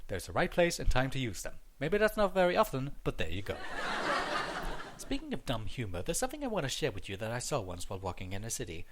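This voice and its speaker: A man's voice: mid-range voice, big pitch swings, quick pace, a little hiss or hum. A young man reading a scripted stand-up comedy monologue in a wry, joking manner, recorded on a headset mic.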